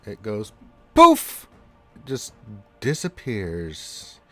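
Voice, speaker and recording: A man runs a tabletop game as dungeon master. His voice sits fairly low, and he lays out each attack in a slow, deliberate way. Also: no echo, faint music behind. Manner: slow, deliberate describing of combat.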